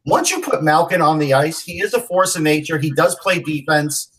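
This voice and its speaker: A man with a slightly high voice joins a casual sports chat with wry remarks. His delivery is easygoing and joking. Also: normal speed, fairly bright tone, slightly rough.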